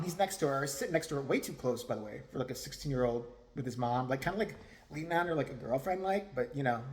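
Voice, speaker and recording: A male vlogger ranting crudely, mocking and laughing often as he talks. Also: fairly high pitch. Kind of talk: profane rant commentary.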